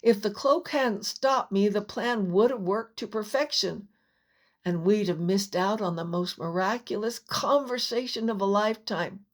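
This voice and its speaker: A woman voicing a gentle, earnest young man who soothes a dragon, in a storybook reading. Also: medium pitch, unhurried, natural voice.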